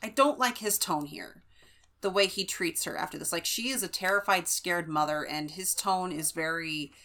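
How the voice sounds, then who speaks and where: A woman's voice: on the low side, normal speed, sharp tone. A woman co-hosting a podcast, giving chatty opinions on a book, with lots of "like" and restarts. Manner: chatty, many fillers, reacts with opinions. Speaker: podcast co-host. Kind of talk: casual book podcast chat.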